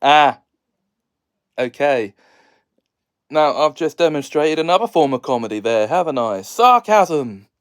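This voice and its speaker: Slow, clear-voiced man hosting a chatty video. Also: on the high side, lively intonation. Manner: laughs between lines, jokey and sarcastic. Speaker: video host. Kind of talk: casual solo commentary.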